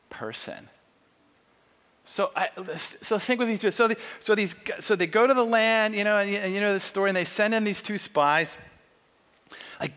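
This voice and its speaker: A man with a fairly high voice tells a Bible story in a loose, conversational sermon. He jumps into characters' voices as he goes, animated and storytelling. The sound rings with the long reverb of a church hall. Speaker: conference speaker. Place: church auditorium.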